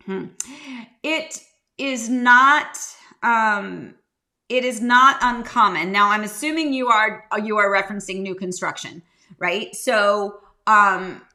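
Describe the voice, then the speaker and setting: A woman realtor hosting a casual live-stream chat, rambling warmly and greeting viewers by name. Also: mid-range voice. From United States. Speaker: realtor and live show host.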